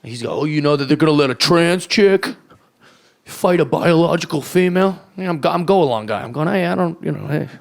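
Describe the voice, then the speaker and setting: Recorded live at a comedy club, this man in his thirties works a handheld mic through a loose, rambling stand-up set full of acted-out voices, with the audience laughing behind him. His voice is fairly high, expressive and brisk.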